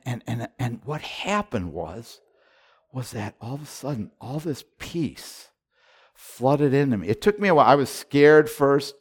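A middle-aged man preaching a sermon as a pastor, retelling his prayers and moving between hushed and loud delivery, often repeating and restarting his words. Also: medium pitch. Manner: repetitive restarts and stammers when excited. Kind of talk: sermon storytelling.

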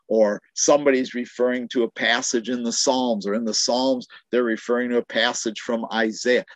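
A man's voice: mid-range voice, no room sound. A man giving a Bible teaching sermon, explaining scripture passages and often restarting his phrases, on a dull, dry recording.

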